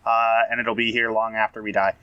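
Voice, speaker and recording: A man's voice: fairly low pitch, little pitch movement, a little fast, bright, forceful tone, clean tone, dry recording, dull audio. A man co-hosting a comedy podcast, telling a story in a mock-serious way with many hesitations. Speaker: podcast co-host.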